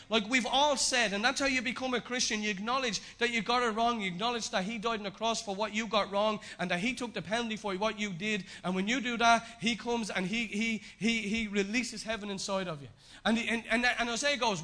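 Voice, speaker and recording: A man preaching a sermon in a conversational way, swinging between raised, emphatic lines and hushed, low repetitions. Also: fairly even intonation, brisk, few pauses.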